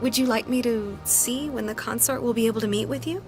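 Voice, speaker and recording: A woman's voice: fairly high pitch, fairly quick, natural voice. A woman voicing a courteous alien receptionist. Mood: polite. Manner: courteous, formal. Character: polite female alien receptionist. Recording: game audio with music behind.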